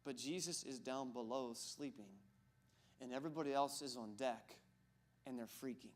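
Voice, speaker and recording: A man's voice: medium pitch, normal speed. A male pastor preaching a sermon in a church sanctuary, conversational and joking, asking the congregation questions.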